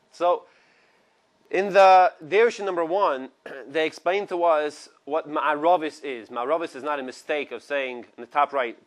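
A man teaches a morning Torah class, pitched a little high for a man. He reads each Hebrew phrase slowly and then translates it. Between readings he drops into loose, chatty asides to a small group. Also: a bit bright. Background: small study group in the room.

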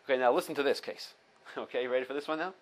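In a low-quality recording, a Torah teacher with a medium-pitched voice talks at a quick pace. He's running an informal halacha class: reading Hebrew sources, breaking them down step by step in English, and repeating the important points while switching between Hebrew quotes and English.

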